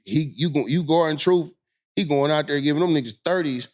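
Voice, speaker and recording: A man's voice: fairly high pitch, fairly quick, darkish tone. A man, co-hosting a podcast and backing up the story with short reactions. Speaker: podcast co-host. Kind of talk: casual chat.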